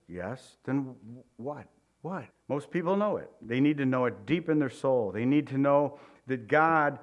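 Pastor type, male, easygoing storyteller preaching a casual sermon, folksy delivery. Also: medium pitch. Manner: folksy, conversational, tells anecdotes. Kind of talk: informal sermon.

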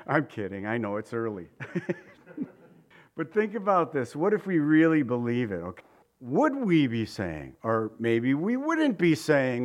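A man's voice: medium pitch, sing-song, normal speed. A man preaching a conversational Easter sermon, joking with the congregation and asking rhetorical questions. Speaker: pastor.

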